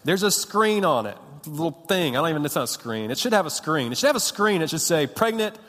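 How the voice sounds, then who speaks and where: Animated young pastor in a reverberant hall. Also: male voice, on the high side, quick pace. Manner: animated storytelling, self-mocking and punchy. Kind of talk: sermon.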